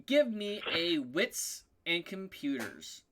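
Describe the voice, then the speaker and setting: Male game master who narrates loosely, full of ums and restarts; bright, slightly high voice. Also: very animated, slow pace. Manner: rambling, many ums, self-correcting.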